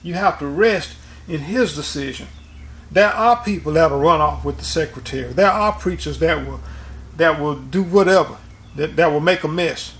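Gravelly, slightly high-voiced male preacher. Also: normal speed, fairly bright tone. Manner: rambling, with frequent restarts and repeated words. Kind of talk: informal sermon and dream testimony.

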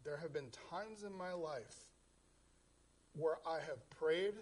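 High-voiced earnest preacher man. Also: takes it slowly, a little mellow. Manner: earnest, repeats words, voices prayers aloud. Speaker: pastor. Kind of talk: sermon. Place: church in South Central Pennsylvania.

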